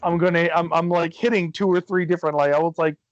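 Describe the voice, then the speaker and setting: A man's voice: fairly high pitch, steady tone, quick pace, no room sound, dull audio. Rambling man telling a story. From Michigan, USA. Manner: rambling storyteller, swears casually, acts out quotes. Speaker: podcast co-host. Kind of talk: casual chat.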